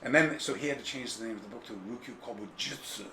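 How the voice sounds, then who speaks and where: A fast-talking karate author with a mid-range voice recounts a long story as an interview guest, casually and with great animation. He digresses and does voices of the people he describes, recorded in an echoey room of his home with faint ambience and slight background noise.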